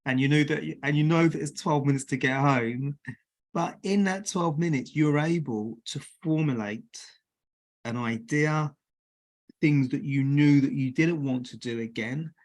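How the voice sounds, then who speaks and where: A man's voice: on the high side, a little slow. A man hosting a podcast, encouraging his guest and asking long, winding questions. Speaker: podcast host. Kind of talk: interview.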